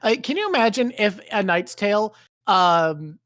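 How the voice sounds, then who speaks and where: A man's voice: sits high, sing-song, moderate pace, a bit bright, no echo, clean studio sound. A man co-hosting a book club stream, rambling casually and swearing freely. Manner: rambling, swears freely, does silly voices. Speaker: streamer co-host. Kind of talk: casual chat.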